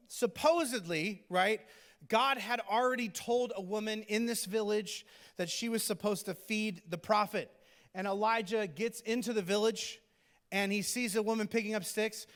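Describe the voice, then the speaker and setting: A man's voice: sits high, moderate pace, fairly bright tone. A male pastor giving a sermon in a conversational, joking storytelling manner.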